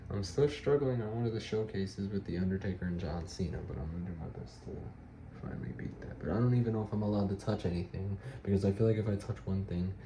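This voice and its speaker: A young man giving a rambling, halting life update for his vlog, with frequent restarts. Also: low-pitched, roomy sound, noisy background. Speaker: vlogger.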